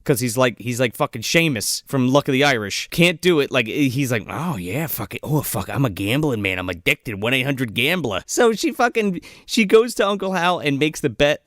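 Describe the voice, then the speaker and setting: A man's voice: medium pitch, clean tone, no room sound, clean studio sound. A man casually and profanely riffing on a movie as a podcast co-host. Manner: profane, laughing, animated retelling.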